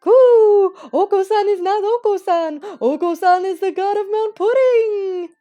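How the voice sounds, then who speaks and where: A woman voicing a pompous pigeon who thinks he is the god of pudding, squawking and shouting bombastic proclamations. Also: measured pace, lo-fi sound, faint music behind. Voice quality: shrill cooing squawks.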